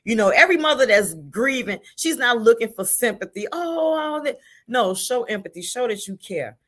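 A woman's voice: on the high side, a little fast, a bit bright. An older woman, a grandmother, talking earnestly as a guest on a talk show, often repeating words as she makes her point. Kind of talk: casual chat.

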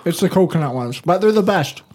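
A man's voice: high voice, animated, quick pace, darkish tone, a little hiss or hum. A man co-hosting a podcast in casual chat, enthusiastic and swearing offhandedly. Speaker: podcast co-host.

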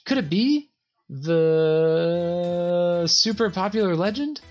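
Woman putting on a high-voiced confused boy hero, game character, full of baffled questions. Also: lively intonation, slow, darkish tone, muffled recording, soft background music. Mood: bewildered. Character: bewildered young male student hero.

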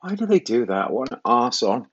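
A man's voice: medium pitch, sing-song, normal speed, breathy edge. Guy waffling on his podcast in the kitchen, cheeky and sweary, slightly dull sound. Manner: chatty, self-mocking, swears casually. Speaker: podcast host. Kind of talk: rambling solo podcast chat. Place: home kitchen.

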